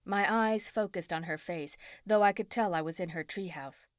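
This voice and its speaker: A woman narrating an audiobook in the first person, in an even storytelling manner. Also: on the low side, normal speed, dry recording, clean studio sound.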